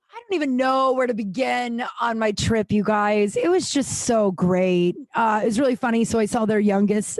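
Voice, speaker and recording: A woman hosts a casual solo podcast, rambling through stories heavy with "like" and frequent, cheerful swearing. Her voice is middle-pitched with a dark tone, recorded close and dry with no room echo.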